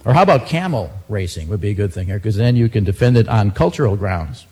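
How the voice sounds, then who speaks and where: A man's voice: on the low side, sing-song, quick pace, hardly any pauses, a little mellow, slight background noise. A man doing a stand-up monologue of joke news headlines, dry and self-mocking between the punchlines. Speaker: comedian.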